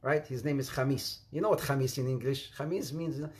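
A man's voice: mid-range voice, fast. A middle-aged man with an Arabic accent, whose first language is Arabic, preaching a sermon and telling stories with jokes, addressing the audience as brothers and sisters.

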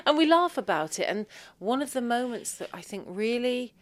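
A woman, a podcast guest telling personal stories with lively, self-deprecating humor. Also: a little high, normal speed. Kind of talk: conversational storytelling.

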